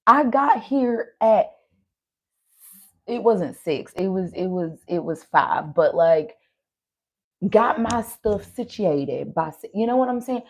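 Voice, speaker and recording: Speaking at a measured pace, a woman with a fairly low, animated, slightly mellow voice does a casual tarot reading. Her slight Southern country accent carries a chatty, tired air after an overnight drive, and she often turns to viewers as y'all with a quick "right?"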